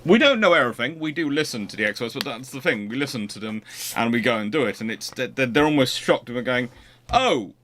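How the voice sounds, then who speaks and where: A man's voice: mid-range voice, animated, quick pace, bright, forceful tone. A man hosting a livestream, chatting casually and rambling with frequent restarts. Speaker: host.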